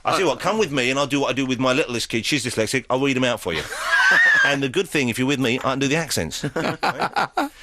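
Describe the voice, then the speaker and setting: A man in his forties with a London accent, hosting a radio chat in a quick, teasing, jokey way with plenty of laughter. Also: mid-range voice, big pitch swings, sharp tone, a little hiss or hum. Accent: London English. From England. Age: 40s. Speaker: radio host. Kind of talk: casual chat.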